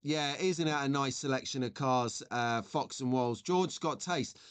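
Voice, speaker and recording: A man's voice: medium pitch, measured pace, clean tone. Chatty man in his forties. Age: 40s. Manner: rambling, chatty, reading out viewer messages. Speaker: live stream host. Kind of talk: casual live-stream chat.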